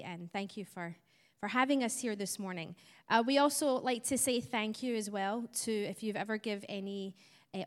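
Scottish woman speaking in a church hall. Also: medium pitch. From Scotland. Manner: friendly explaining, light chuckles. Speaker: missionary speaker. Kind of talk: church presentation to a congregation. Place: church sanctuary. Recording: long church hall reverb.

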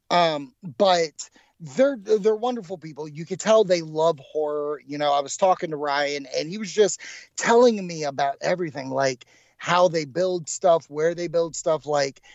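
Male podcast co-host, a bit high-pitched, rambling excitable storyteller, dry slightly dull recording. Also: creaky, no echo. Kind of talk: casual podcast chat.

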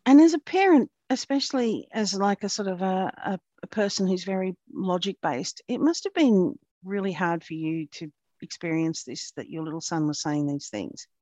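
A woman's voice: on the low side, expressive, moderate pace, few pauses, dark tone, no room sound, highs cut off. A woman interviewing a guest, asking leading questions that often end in tag questions.

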